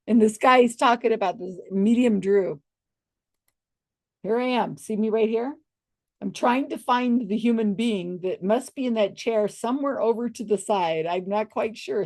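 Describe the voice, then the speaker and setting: A woman's voice: fairly high pitch, a little mellow. An older woman telling stories casually at home, chatty and laughing often as she acts out people's reactions. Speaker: storyteller showing old photos. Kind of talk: casual storytelling to camera.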